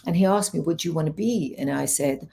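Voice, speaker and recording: A woman's voice: low-pitched, fast talker, vocal fry. A woman in her fifties from Iran, a fitness coach who tells her life story as an interview guest, rambling and restarting as she goes. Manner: rambling, animated retelling with many restarts.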